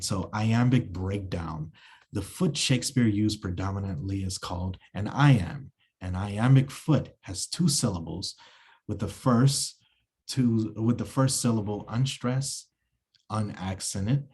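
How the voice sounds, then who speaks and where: A man lecturing on verse and meter over a video call. His voice sits low and mellow, and he speaks slowly. He stops and restarts often, filling the gaps with ums and you-knows. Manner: halting, many fillers and restarts. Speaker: acting instructor. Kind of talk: online lecture with screen share.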